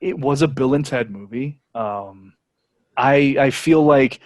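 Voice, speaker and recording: A man co-hosting a casual podcast, giving his opinions in a relaxed flow dotted with filler words. His voice sits at an ordinary middle pitch and sounds dry and close to the mic, with no room echo. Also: slow pace. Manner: animated, opinionated, many "you know" fillers. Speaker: podcast co-host. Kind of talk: casual chat.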